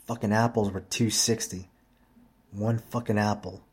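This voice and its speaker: In a husky, slightly low voice, a weary vlogger tells his audience about something that happened to him, meandering and cursing without restraint in a relaxed, straightforward way. He keeps a steady tone and talks a bit slowly.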